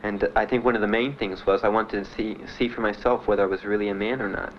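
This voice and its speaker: A man being interviewed about his time in the service, telling his story in a halting, plainspoken way with many fillers. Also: on the low side, fairly even intonation. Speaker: veteran interviewee. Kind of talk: documentary interview. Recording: dull archival recording with faint hiss.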